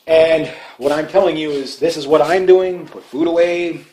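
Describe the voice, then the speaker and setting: A Canadian man rambling through casual commentary on his channel, full of fillers and restarts, his voice often trailing off quietly. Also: fairly high pitch, steady tone, normal speed, poor audio. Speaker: vlogger.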